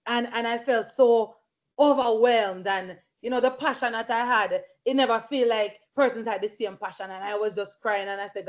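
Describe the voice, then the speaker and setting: A woman's voice: on the high side, moderate pace. A woman leading a Bible study as a fervent sermon, breaking into hallelujahs and praise between her points. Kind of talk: sermon with personal testimony. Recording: lo-fi recording.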